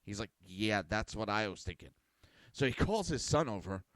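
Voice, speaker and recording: A man's voice: on the low side, moderate pace, dry recording. A middle-aged man hosting a podcast, telling family stories in a blunt, crude, casual way and acting out what people said. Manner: blunt, crude, animated storyteller acting out quotes. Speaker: podcast host. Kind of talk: casual storytelling monologue.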